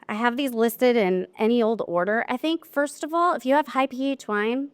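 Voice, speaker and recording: A woman presenting a live technical seminar to an audience. She talks in a chatty, lively way and acts out quotes from her clients. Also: mid-range voice, clean tone. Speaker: wine lab specialist presenting a seminar.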